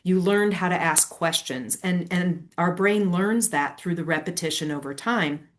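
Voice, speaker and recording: A woman in her forties, a former educator, explaining ideas in a lively conversational interview. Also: lowish voice, a little hiss or hum. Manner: animated storytelling with quick asides. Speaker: guest, leadership strategist and former educator.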